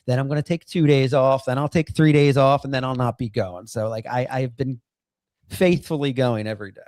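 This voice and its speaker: A man hosting a casual chat show from home, talking in halting bursts with many restarts and fillers, swearing freely. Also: mid-range voice, steady tone, a little mellow, no echo, studio quality. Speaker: podcast host.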